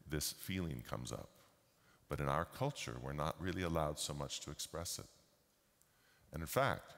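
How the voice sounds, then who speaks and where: A man giving a slow, deliberate storytelling keynote talk at a conference. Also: very deep voice, a bit bright. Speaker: keynote speaker. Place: large conference hall. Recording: long hall reverb.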